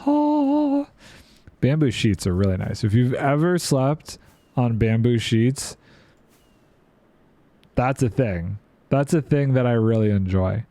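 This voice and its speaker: A man's voice: medium pitch, measured pace, pauses often, dark tone, no echo. A man streaming a building game, chatting playfully and thinking aloud while reading chat. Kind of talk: casual gameplay commentary.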